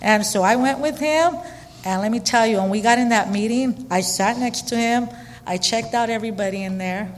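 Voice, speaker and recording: A woman's voice: on the high side, moderate pace. Chatty woman in a reverberant hall. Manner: chatty and animated, frequent fillers and quoted dialogue. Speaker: storyteller sharing her recovery story. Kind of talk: candid personal storytelling.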